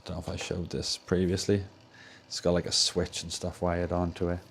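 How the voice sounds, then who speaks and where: A man's voice: sits low, monotone, normal speed, vocal fry, slight background noise. A young Welsh man with a Welsh accent, chatting casually and rambling as he repairs controllers on a livestream in his home workshop. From Wales. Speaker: streamer repairing game controllers. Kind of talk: casual livestream chat while tinkering. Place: home workshop with soldering bench.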